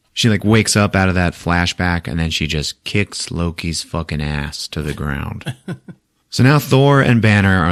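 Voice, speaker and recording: A man's voice: sits low, no room sound, studio quality. A man hosting a podcast, recapping a movie in a casual, profane way with frequent laughter. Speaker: podcast host.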